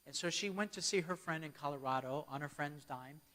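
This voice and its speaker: A man's voice: fairly high pitch, brisk, bright, forceful tone. A man giving a church keynote as a storytelling sermon, often checking in with his audience. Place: church hall. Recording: long hall reverb.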